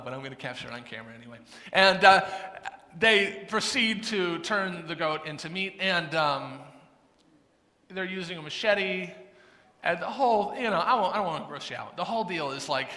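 Storytelling pastor in a reverberant hall. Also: male voice, high voice, bright, forceful tone. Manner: humorous storytelling, swelling to an impassioned close. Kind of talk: sermon with personal story.

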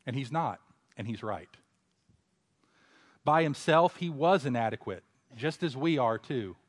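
A preacher with a ringing hall echo. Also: male voice, expressive, measured pace. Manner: builds to loud emphatic exhortation, then drops low; conversational asides and self-corrections. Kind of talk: expository sermon.

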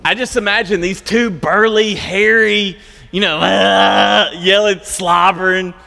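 A man's voice: high voice, fairly even intonation, slow, creaky, pushed and bright, big-room sound. A man preaching a sermon as a pastor, telling a story in a loose, conversational way and often restarting and repeating words.

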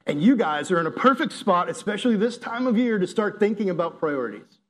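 A young man preaching a casual, lively sermon to teenagers, often saying "like" and "right?". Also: high voice, brisk. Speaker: youth pastor. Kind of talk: youth sermon.

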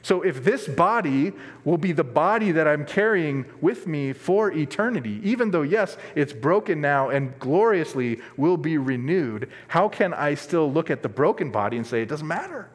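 A man preaching a sermon as pastor, earnest and emphatic, dropping from strong stress to quiet asides. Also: fairly high pitch, animated, moderate pace, hardly any pauses. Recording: long reverb of a large hall.

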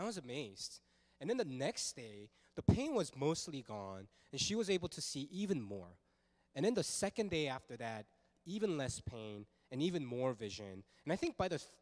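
A man preaching a sermon as pastor, telling a story in a casual, animated way with lots of fillers. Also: medium pitch, in a large hall.

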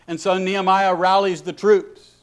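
Brief: male pastor mid-sermon, emphatic, slightly high pitch. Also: flat delivery, normal speed, clean tone. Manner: emphatic, rising to exhortation.

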